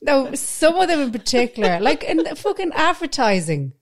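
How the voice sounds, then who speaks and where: A woman's voice: sits high, big pitch swings, normal speed. An Irish woman co-hosting a podcast, talking bluntly with lots of swearing and teasing. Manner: sweary, blunt, teasing, puts on mocking voices. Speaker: podcast co-host. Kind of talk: casual chat.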